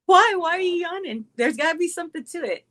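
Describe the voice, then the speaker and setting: High lively teasing woman host. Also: fast talker, no echo. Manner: teasing, laughing, animated. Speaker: interview host. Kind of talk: casual interview chat.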